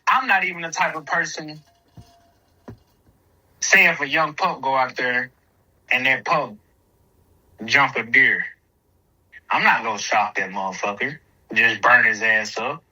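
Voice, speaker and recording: A man's voice: mid-range voice, a little slow, long pauses, sharp tone, low-quality recording. A man, a podcast guest who trains hog dogs, telling stories in a rambling, profane, casual way. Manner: profane, rambling storytelling in dialect.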